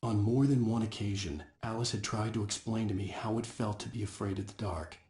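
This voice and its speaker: A man's voice: lowish voice, fairly even intonation, a little fast, darkish tone, lightly acted. Male actor, urgent game hero, writer hunting for his wife, echoey. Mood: narrating. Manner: urgent and pleading.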